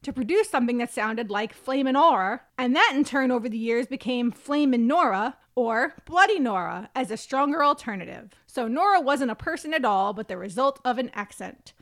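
A woman's voice: fairly high pitch, expressive, moderate pace, few pauses, a bit bright. A woman from Scotland co-hosting a podcast, chatting casually and reading quotes aloud with playful emphasis. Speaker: podcast co-host. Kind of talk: casual chat.

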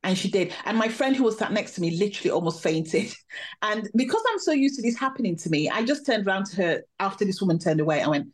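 A woman, a podcast guest, telling a personal story in a lively, animated way. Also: medium pitch, quick pace. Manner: animated, vivid storytelling with laughs. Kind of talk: storytelling interview.

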